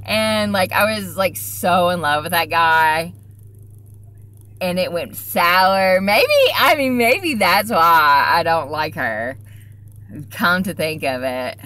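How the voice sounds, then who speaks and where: A woman's voice: on the low side, pushed and bright. A woman chatting casually in a vlog, rambling and swearing freely while sitting in her car at a drive-through. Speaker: vlogger.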